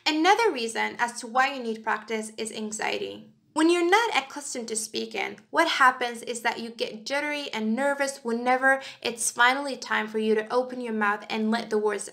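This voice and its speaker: Gravelly-voiced woman teaching pronunciation. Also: a little high, bright, forceful tone. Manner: clear, emphatic, demonstrates word stress slowly. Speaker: English teacher. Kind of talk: scripted lesson narration.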